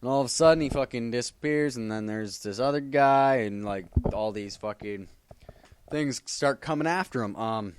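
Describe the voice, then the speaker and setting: A man's voice: medium pitch, normal speed, clear, resonant tone, no room sound. A man chatting casually about comics, rambling with heavy swearing and lots of fillers. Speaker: comic book vlogger. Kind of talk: casual chat.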